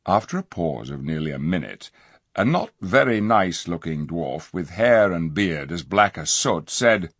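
A man reads a storybook aloud with a husky, slightly breathy voice. His pitch swings widely as he narrates expressively, and the recording is dry and close. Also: very animated, measured pace, a bit bright, dry recording. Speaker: audiobook narrator. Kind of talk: storybook reading.

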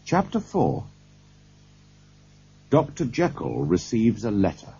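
A man reads a storybook slowly and deliberately. His voice is low, husky and breathy, and his pitch moves a great deal. The sound is a dull, lo-fi cassette tape. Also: wildly swooping pitch, mellow. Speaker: audiobook narrator. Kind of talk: scripted narration.

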